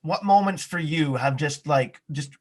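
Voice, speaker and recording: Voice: medium pitch, measured pace. A radio show host interviewing a guest, asking long, meandering, enthusiastic questions.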